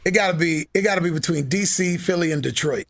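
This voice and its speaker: Man, from Seattle, podcast guest, casual chat, blunt profane storytelling, raised pitch. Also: quick pace, vocal fry, fairly bright tone. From Seattle, USA. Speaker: guest musician.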